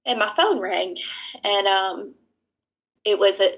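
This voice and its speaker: A woman's voice: mid-range voice, slow pace, fairly bright tone, husky, low-quality recording. A woman in her thirties, a guest on an interview show, earnestly telling a personal story and retelling conversations in quoted dialogue. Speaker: guest, adoption consultant.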